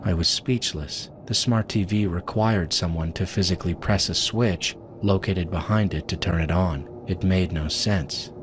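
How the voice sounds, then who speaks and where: A man narrating a scripted horror story in a measured, steady way. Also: low-pitched, noisy background. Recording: voice-over with music behind.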